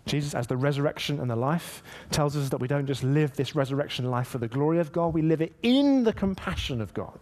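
A man's voice: a little high, a little fast, few pauses. A man preaching a sermon, reading scripture aloud and acting out quotes with rising emphasis. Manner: animated, emphatic preaching with dramatic voiced quotes. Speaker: pastor.

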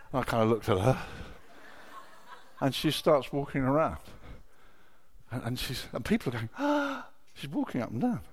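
A middle-aged man preaching a sermon, telling personal stories with emotion, dropping to a hush and then rising to loud exclamations. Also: mid-range voice. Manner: emotional, swings from hushed storytelling to loud exclamation.

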